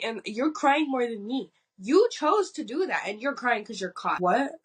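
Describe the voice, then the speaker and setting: Husky-voiced woman ranting bluntly. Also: on the high side, big pitch swings, normal speed. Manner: blunt, profane, exasperated ranting. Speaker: podcast co-host. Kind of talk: casual rant chat.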